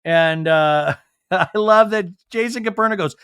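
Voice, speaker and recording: A man's voice: on the high side, lively intonation, moderate pace, a bit bright, clear, resonant tone, dry recording. Sarcastic gossiping man, dry close mic. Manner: gossipy and sarcastic, acts out quotes in shifting voices. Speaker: podcast host recapping a reality show. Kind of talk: comedic recap with quoted voices.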